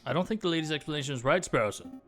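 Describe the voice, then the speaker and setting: A man's voice: on the high side, rapid-fire, a bit bright, soft background music, close to an everyday voice. A man voicing an earnest bird lawyer who speaks in a formal, courteous way.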